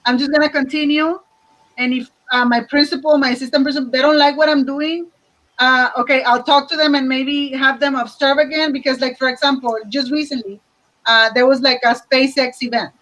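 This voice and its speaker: A woman's voice: high-pitched, steady tone, brisk, a bit bright, low-quality recording. A woman teacher in a casual group discussion, earnestly talking through her worries step by step.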